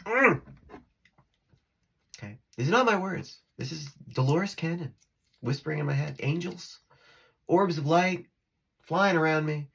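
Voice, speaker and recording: A man's voice: on the high side, animated, measured pace, vocal fry, long pauses, fairly bright tone, slightly rough. A man talking to his phone camera in a rambling spiritual vlog, giggling and restarting his sentences as he drifts between topics. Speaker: spiritual vlogger.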